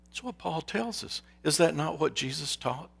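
A man's voice: on the high side, expressive, normal speed, gravelly, breathy edge. A man preaching a sermon in an earnest, storytelling manner. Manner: earnest, telling a story with hushed quoted whispers.

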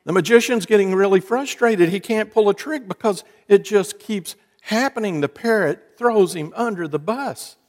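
A man's voice: high-pitched, normal speed, hardly any pauses. A man preaching a sermon, telling folksy jokes and stories with wry asides to his congregation. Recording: long hall reverb.

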